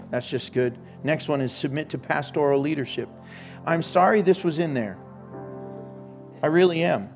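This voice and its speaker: A man preaching a sermon as pastor, joking and telling stories with sudden loud outbursts. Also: fairly high pitch.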